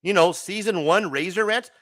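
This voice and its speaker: A man's voice: high voice, moderate pace, a bit bright. A man hosting a casual late-night livestream, chatty and joking, often laughing and swearing. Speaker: livestream host.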